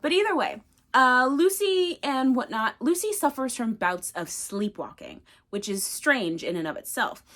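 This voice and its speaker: A woman's voice: high-pitched, animated, unhurried, fairly bright tone. A young woman recapping a book casually, rambling with lots of fillers. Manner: rambling, filler-heavy, chatty. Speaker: book reviewer.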